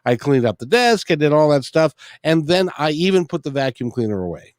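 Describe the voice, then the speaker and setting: A man's voice: on the high side, sing-song, brisk, dry recording, studio quality. A man hosting an interview, telling a story in a casual, good-humored way and often restarting his phrases. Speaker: interview host.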